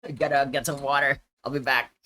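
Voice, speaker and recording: Casual halting male streamer. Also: medium pitch. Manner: relaxed, halting, lots of fillers and restarts. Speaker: streamer reacting to a video. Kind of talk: casual live-stream chat.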